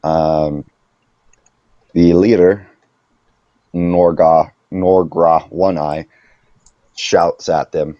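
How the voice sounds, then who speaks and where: A man with a deep, mellow voice runs a tabletop game, narrating in a relaxed, chatty way full of little fillers. His voice comes through a dull, lo-fi mic with a dry sound. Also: extremely slow, long pauses, no room sound. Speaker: game master.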